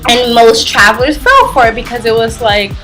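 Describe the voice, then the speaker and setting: Chatty, slightly high-voiced woman vlogger. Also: moderate pace, a bit bright, faint music behind, rough recording. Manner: chatty, rambling, lots of "like". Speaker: travel vlogger. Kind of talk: storytime vlog.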